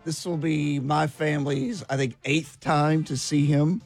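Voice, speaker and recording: A man with a slightly high, husky voice chatting easily on morning radio. The sound is dry, with faint music behind him. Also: steady tone, measured pace, darkish tone. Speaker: radio co-host. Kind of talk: casual on-air banter.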